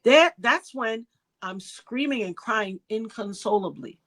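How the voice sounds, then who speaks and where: In a voice on the high side with lively intonation and a bit of brightness, a middle-aged woman from New York speaks at a measured pace. She's a guest in an interview, relating an emotional personal story and acting out its characters' voices.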